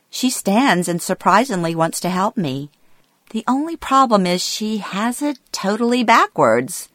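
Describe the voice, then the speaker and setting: Low-voiced woman reading her memoir. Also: no room sound, clean studio sound. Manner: quiet and reflective, somber. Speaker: memoir narrator. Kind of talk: reading a personal memoir aloud.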